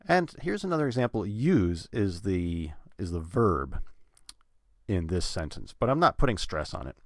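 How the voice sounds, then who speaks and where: A man teaching English pronunciation in a relaxed way, thinking aloud with fillers and repeating example sentences with stressed words stretched out. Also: deep voice, normal speed, no echo, clean studio sound. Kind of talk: relaxed instructional talk.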